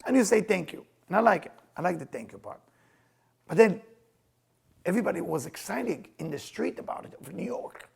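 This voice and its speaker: A man teaching Kabbalah in an animated lecture, emphatic and excitable in English. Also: sits high, fairly quick, creaky, breathy edge. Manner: excitable, emphatic, non-native English with Hebrew phrases.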